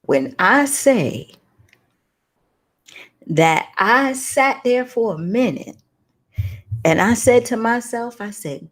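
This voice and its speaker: A woman's voice: a little high, lively intonation, slow, pauses often, fairly bright tone. A woman hosting a talk, telling a personal story with emotion and preacher-like emphasis. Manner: emotional, preacherly storytelling addressing listeners as y'all. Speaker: host.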